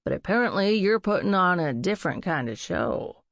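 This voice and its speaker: A woman voicing a playful young man who teases his friend in quick, jokey lines. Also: lowish voice, sing-song, no room sound, studio quality. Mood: teasing. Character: playful young man, teasing, reformed party guy.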